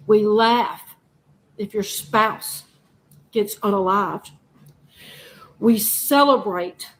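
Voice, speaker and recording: A woman's voice: fairly high pitch, poor audio. A woman vlogger delivering an impassioned, profane rant straight to her audience. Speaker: news vlogger. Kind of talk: emotional monologue to camera.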